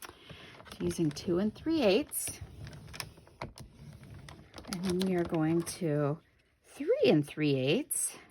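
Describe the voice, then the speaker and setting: A woman's voice: lowish voice, big pitch swings, drawn-out words, long pauses, noisy background. A woman demonstrating a paper craft on camera, chatting with viewers and correcting herself as she works. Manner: chatty, talks to viewers while working, self-correcting. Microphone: camera on the craft table.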